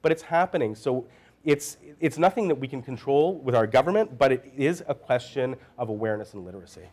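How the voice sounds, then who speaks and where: A man speaking as a panelist, telling an anecdote in an animated way. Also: medium pitch, rapid-fire. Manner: animated storytelling. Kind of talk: panel discussion.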